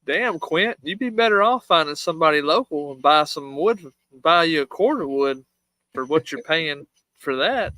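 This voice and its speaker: A man chatting on a livestream, blunt and salty, rambling with quick restarts. His voice is bright and a bit high. It sounds dry, with no room around it. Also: animated, no echo, low-quality recording. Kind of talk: casual chat.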